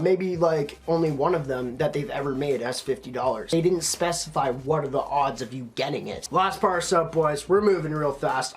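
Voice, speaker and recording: A young man from Canada hosting a casual unboxing vlog, rambling and swearing, cold and a little tipsy. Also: a little high. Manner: laid-back, rambling, swears freely. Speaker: YouTuber host.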